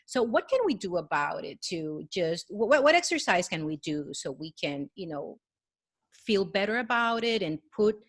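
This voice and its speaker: Earnest, lower-pitched woman coaching listeners. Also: big pitch swings, moderate pace, no echo. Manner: earnest and encouraging, addresses listener directly. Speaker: wellness coach guest. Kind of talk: motivational talk with guided breathing.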